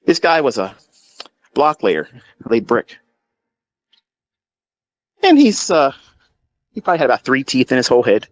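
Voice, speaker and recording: Middle-aged man, mid-pitched, close and dry. Blunt, profane storyteller. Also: big pitch swings, measured pace, pauses often, no room sound. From Maryland, USA. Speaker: trading educator. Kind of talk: casual storytelling monologue.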